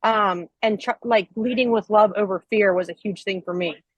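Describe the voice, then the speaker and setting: A woman's voice: medium pitch, moderate pace, dry recording, dull audio. A woman hosting a podcast in a casual, candid chat, talking in an earnest and reflective way with frequent "um" and "like". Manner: earnest and reflective, with 'um' and 'like'. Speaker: podcast host.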